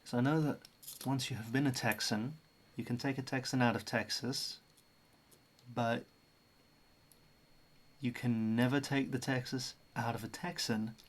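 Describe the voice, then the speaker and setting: A man's voice: medium pitch, steady tone, unhurried, pauses often. An Australian man chatting casually as host of a livestream, musing about accents. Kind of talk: casual stream chat.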